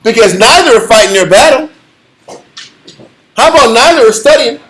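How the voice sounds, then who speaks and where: Guy teaching bible class, kinda high voice, preachy and pushy, keeps asking questions. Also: expressive, normal speed, long pauses, fairly bright tone, low-quality recording. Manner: preachy, emphatic, rhetorical questions. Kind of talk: lively scripture class.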